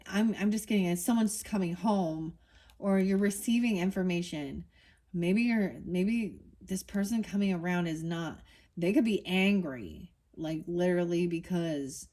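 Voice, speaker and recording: A woman's voice: fairly low pitch, darkish tone. A woman giving a casual tarot reading, talking bluntly and getting heated, with swearing and many restarts. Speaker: tarot reader.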